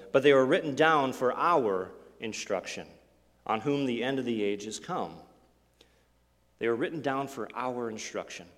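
A man preaching a sermon as pastor, asking the congregation rhetorical questions and swinging from forceful lines to hushed ones. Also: mid-range voice, long reverb tail. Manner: expressive preaching with rhetorical questions, sudden drops to near-quiet.

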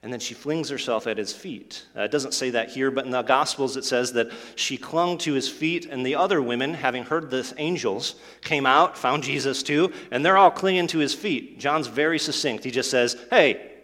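A man's voice: mid-range voice, moderate pace, few pauses, fairly bright tone. A man preaching a sermon, telling the story earnestly and acting out the quoted lines. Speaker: pastor. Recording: long hall reverb.

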